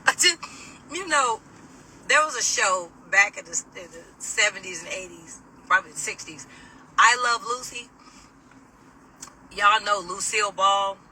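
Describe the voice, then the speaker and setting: A middle-aged woman telling a personal story to camera in a casual, animated, sassy way, laughing as she mimics people. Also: mid-range voice, a little slow, pauses often, far from the mic, slight background noise, poor audio.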